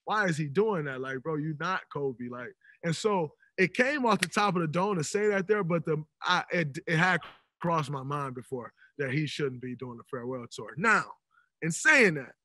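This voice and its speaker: A man in his thirties, a podcast guest telling stories in an animated, emphatic way. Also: on the high side, moderate pace, dry recording. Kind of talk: casual podcast conversation. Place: podcast studio.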